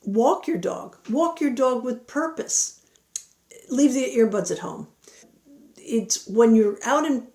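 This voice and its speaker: A woman's voice: mid-range voice, darkish tone, reverberant. A woman giving earnest, encouraging advice about bonding with dogs. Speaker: dog training speaker. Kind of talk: instructional talk.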